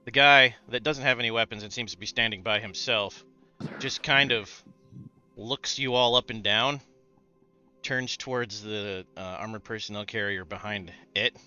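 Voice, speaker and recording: A man's voice: lowish voice, fairly even intonation, moderate pace, bright, forceful tone, clear, resonant tone, muffled recording, soft background music. A man narrating a tabletop game as game master, describing scenes in an easygoing way with fillers.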